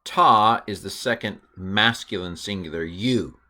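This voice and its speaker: A man's voice: fairly low pitch, a little slow, pushed and bright. A middle-aged man teaching biblical Hebrew from slides, chatty, with playful asides and frequent self-corrections. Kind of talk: recorded lesson walking through slides.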